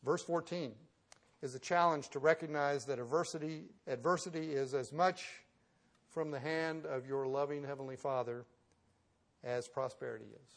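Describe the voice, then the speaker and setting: A man's voice: fairly high pitch, fairly even intonation, moderate pace. A man preaching a sermon as pastor, moving from conversational storytelling into emphatic preaching.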